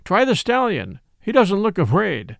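A man's voice: high voice, wildly swooping pitch, unhurried, creaky, fairly bright tone, no echo, clean studio sound, full character voice. A man voicing a stubborn, insistent male frontier guide in a read-aloud western story. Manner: insistent, matter-of-fact.

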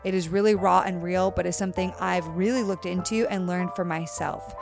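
A woman's voice: on the low side, steady tone, fairly quick, vocal fry, over music. Upbeat woman hosting a dating podcast. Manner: upbeat, laughs often, talks directly to listeners. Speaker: podcast host. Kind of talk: casual dating podcast chat.

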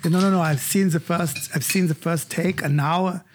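Brief: man doing a calm, casual middle-aged German composer, slightly raised pitch. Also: moderate pace, slight background noise, close to an everyday voice. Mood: offhand.

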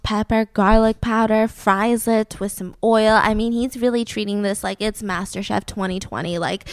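A woman hosting a podcast, retelling a true-crime case in a chatty, animated way full of fillers at home. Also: on the high side, no echo. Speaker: podcast host. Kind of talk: casual true-crime storytelling. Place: home room with her fiance.

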